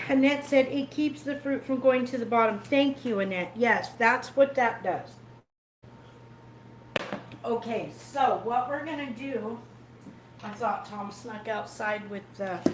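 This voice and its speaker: A talkative woman hosting a home cooking stream, her voice sitting a little high. She walks through each step as she works. The audio carries a steady layer of background noise. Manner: chatty, explains each step while cooking. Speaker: cooking show host. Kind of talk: casual cooking livestream.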